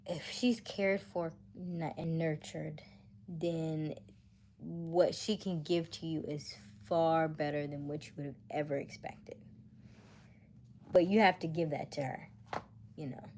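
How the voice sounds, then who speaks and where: A woman's voice: low-pitched, steady tone, takes it slowly, darkish tone, slight background noise. A woman hosting a casual livestream, chatting and musing aloud and dropping to a near-whisper when she reads comments. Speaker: livestream host.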